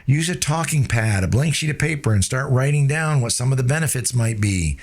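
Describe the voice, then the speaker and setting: A man gives a sales lesson in an energetic coaching manner. His voice sits at an ordinary middle pitch but often jumps higher or drops low as he demonstrates. He keeps tossing in quick tag questions to draw the listener in. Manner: changes pitch and tempo to demonstrate. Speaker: sales trainer. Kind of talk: instructional talk.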